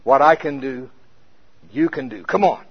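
A man's voice: medium pitch, a little slow, breathy edge. A man playing a coaxing lead duck. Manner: urging, insistent. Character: coaxing male lead duck, patient and encouraging. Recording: muffled lo-fi recording.

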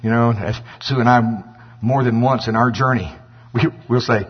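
A man preaching a sermon, animated and acting out scripture voices, with a husky voice. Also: medium pitch, moderate pace. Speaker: pastor. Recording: dull lo-fi with long hall reverb.

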